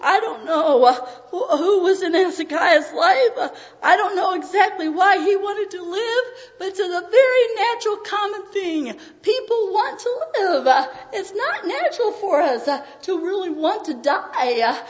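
A woman preaching a sermon with emotion, often pausing on "uh" as her voice breaks. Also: very high voice, expressive. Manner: emotional, frequent "uh" fillers, voice breaking. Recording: dull audio in a reverberant hall.

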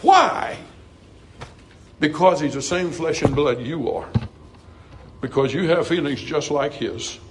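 A middle-aged man preaches a sermon earnestly in a sing-song style, rising to emphatic highs and sinking to soft, quiet passages. He takes it slowly with long pauses, and there's background noise.

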